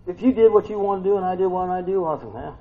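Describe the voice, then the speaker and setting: Man, preacher, sermon, hushed then shouting, slightly high voice, a bit muffled, faint background hiss. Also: racing. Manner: swings from hushed to shouting bursts.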